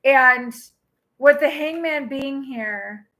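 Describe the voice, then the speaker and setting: Woman tarot reader, high bright voice, excitable, talking straight to her viewers on a live stream. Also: takes it slowly, low-quality recording. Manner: excitable, exclaiming and laughing.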